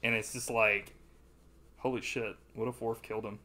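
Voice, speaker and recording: A man chatting on a podcast in a bright, forward voice, casual and profane. He keeps laughing and breaks into loud, over-the-top quoted voices. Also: lowish voice, flat delivery, moderate pace. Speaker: podcast co-host. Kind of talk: casual movie chat.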